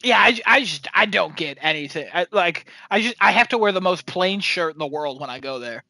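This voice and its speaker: On his podcast, a young man talks in a bright, forceful, high-sitting voice that climbs when he gets worked up. His fairly quick, expressive delivery rambles through jokey stories with plenty of swearing. The audio is dry and close, with no echo or room sound.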